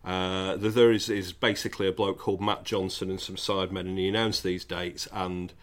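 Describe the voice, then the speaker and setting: A man's voice: low-pitched, flat delivery, brisk. A man, co-hosting a podcast and telling a long, wry anecdote in casual chat. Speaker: podcast co-host.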